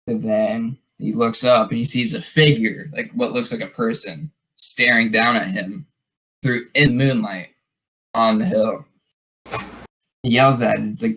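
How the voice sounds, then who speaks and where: A man's voice: mid-range voice, fairly even intonation, moderate pace, a bit bright, rough recording. A man hosting a podcast, telling a story in a rambling casual way with many fillers and restarts. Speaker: podcast host.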